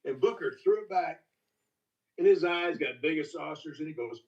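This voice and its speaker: Folksy older storyteller. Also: male voice, a little high, darkish tone. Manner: folksy, halting, with many restarts. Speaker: master distiller guest. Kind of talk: casual storytelling. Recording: distant, dull lo-fi call audio.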